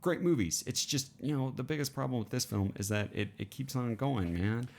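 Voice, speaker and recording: Chatting casually about a movie, this young man co-hosting a podcast speaks a little fast in a mid-range, gravelly, somewhat dark voice. His talk wanders, with plenty of restarts.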